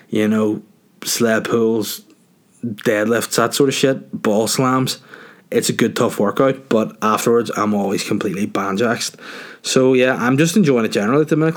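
A young man with a Northern Irish accent hosting a podcast, answering listener questions in a crude, joking, rambling way. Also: fairly low pitch. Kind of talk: casual chat.

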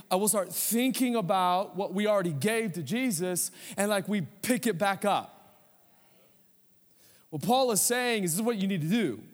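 A man's voice: sits high, big-room sound. A man preaching a sermon as pastor, telling a humorous story with conversational asides.

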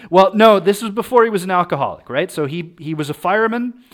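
A man's voice: sits high, expressive, a little fast. A man hosting a podcast, telling a true-crime story in a casual, chatty way and often checking in with "right?".

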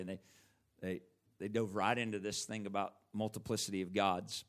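A man's voice: lowish voice, little pitch movement, fairly quick. A middle-aged man preaching a sermon in an earnest, conversational way.

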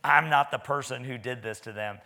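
A man's voice: mid-range voice, fairly quick, pushed and bright. A man preaching a sermon in a church, talking in a folksy, conversational way with stammering restarts.

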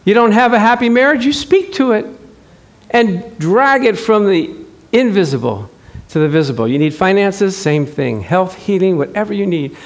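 Male preacher, high voice, animated sermon, rhetorical questions, acts out dialogue. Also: moderate pace.

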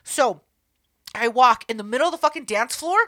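Woman, young adult, high pitched, bright, casual profane storytelling. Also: normal speed. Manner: animated, profane, acts out voices.

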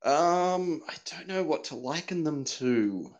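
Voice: medium pitch, lively intonation, slow. A podcast guest from Australia, chatting in a laid-back, hesitant way. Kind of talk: casual interview chat.

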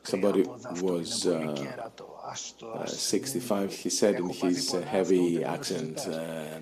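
A man speaking in a live webcast panel discussion, halting and pausing often with fillers. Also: deep voice, flat delivery, crowd noise. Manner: halting, with many pauses and fillers.

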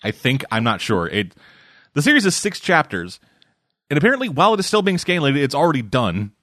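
A man's voice: on the high side, huge pitch swings, fairly quick, a bit bright, no echo, clean studio sound. A man from Canada, co-hosting a casual podcast chat, rambling and swearing freely as he sums up a manga series. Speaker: podcast co-host reviewing manga.

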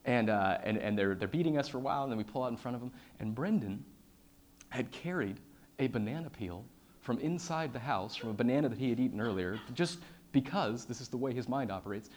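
A man giving a personal storytelling talk on stage. He swings between loud, excited telling and hushed, quiet passages, with many fillers and repeated starts. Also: medium pitch, a little fast. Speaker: public speaker.

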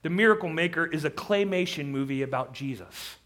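A man's voice: on the high side, brisk. A man preaching a sermon with impassioned delivery, rising to pleading intensity. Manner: impassioned, rising to near-shouted pleading when quoting. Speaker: pastor.

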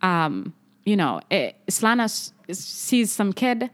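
A young adult woman, a doctor, talking in a relaxed podcast conversation, animated and acting out what people say. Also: medium pitch, takes it slowly. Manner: animated, acts out quoted speech. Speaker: medical doctor guest.

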